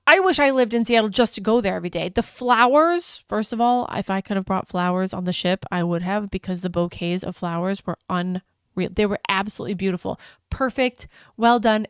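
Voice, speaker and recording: A woman's voice: medium pitch, a little fast, smooth, no echo, studio quality. A woman vlogger chatting casually and enthusiastically about a trip, rambling with restarts. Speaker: travel vlogger. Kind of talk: casual travel chat.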